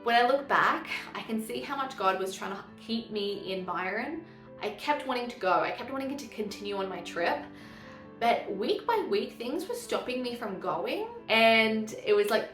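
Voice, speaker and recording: A young woman telling her love story as a personal testimony, earnest and animated, acting out what was said. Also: medium pitch. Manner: earnest, animated, acts out quotes. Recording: echoey room with faint music.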